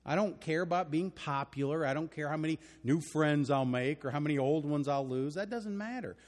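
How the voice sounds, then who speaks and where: An older man with a Texan accent delivers a sermon from the pulpit, earnest and emphatic, often swelling into loud, ringing declarations. His voice sits a little high for a man, and it trails off into the long reverb of a large church hall. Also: fairly quick. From Texas. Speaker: preacher. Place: church auditorium.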